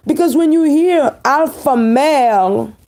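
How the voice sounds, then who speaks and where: A woman from Haiti with a Haitian accent, giving an emphatic, preachy opinion commentary and repeating key phrases slowly for weight. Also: sits high, a little mellow.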